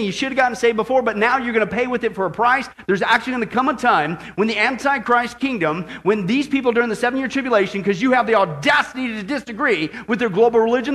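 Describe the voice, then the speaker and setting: High-voiced emphatic man preaching. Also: a bit bright. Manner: emphatic, rhetorical questions to the congregation. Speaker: pastor. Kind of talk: sermon.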